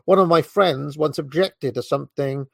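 A British man reading a book aloud in a measured way, now and then stumbling and correcting himself, with short asides of his own. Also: on the high side, gravelly, no room sound. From Britain. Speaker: reader.

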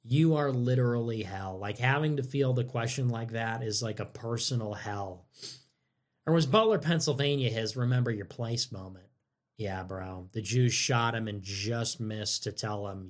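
A man hosting a livestream, reading out donations and answering them in a sarcastic, mocking way that swings from loud mimicry to low mutters. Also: moderate pace. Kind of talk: casual livestream commentary.

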